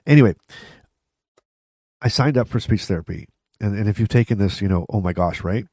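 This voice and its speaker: A middle-aged man hosts his own vlog. He talks straight to the viewer in a casual, chatty way, often restarting sentences and tossing in asides. His voice is low and mellow, recorded dry and close. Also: a little fast, breathy edge, no echo. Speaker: vlog host. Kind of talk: casual talk to camera.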